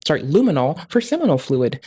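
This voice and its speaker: A livestreamer talks through the stream in casual commentary, swearing nonstop. The voice sits at a middling pitch and keeps a crude, ranting edge. It spikes loud and high whenever a rant builds. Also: big pitch swings, quick pace, slightly rough. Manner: profane, ranting, crude jokes; rising loud and high in outbursts.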